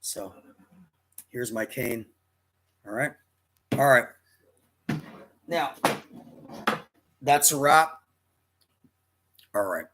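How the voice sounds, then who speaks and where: A man's voice: mid-range voice, lively intonation, extremely slow, pauses often, background noise. A man in his fifties casually telling a personal story to camera, rambling and often restarting his sentences. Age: 50s. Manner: rambling, with frequent restarts and self-corrections.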